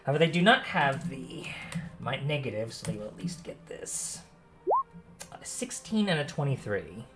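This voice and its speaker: A man's voice: medium pitch, big pitch swings, normal speed, loud music behind the voice. A man running a tabletop game as dungeon master, narrating with laughter and energy.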